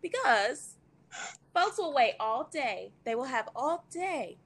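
A woman's voice: high-pitched, very animated, takes it slowly, fairly bright tone, a little hiss or hum. A woman guesting on a podcast, teasing the hosts in a sassy casual chat over an online call. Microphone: online call mic.

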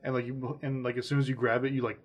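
A young man co-hosting a gaming podcast, talking in a relaxed, easygoing and slightly halting way. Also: mid-range voice, crowd noise. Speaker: podcast co-host. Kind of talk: casual gaming chat.

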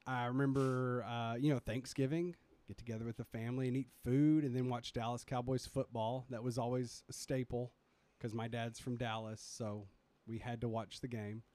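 A man's voice: mid-range voice, little pitch movement, moderate pace, hardly any pauses, dark tone, no echo. A man in his thirties co-hosting a podcast in easygoing casual chat. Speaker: podcast co-host.

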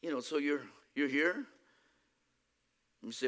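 A male preacher giving a sermon, emphatic, swinging between loud exclamations and quiet asides. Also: a little high, animated, a little fast, long pauses.

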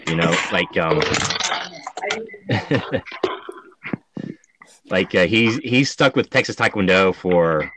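A man hosting a casual conversation, telling stories with lots of fillers and animated moments. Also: deep voice, slow, long pauses, background noise. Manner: storytelling, animated, many fillers. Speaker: host. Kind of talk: casual chat.

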